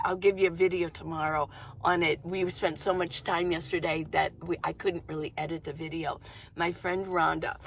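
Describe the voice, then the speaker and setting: A woman vlogger talking casually to camera from inside her van, chatty and goofy, rambling fast and laughing often. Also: lowish voice, a bit bright. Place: inside a minivan.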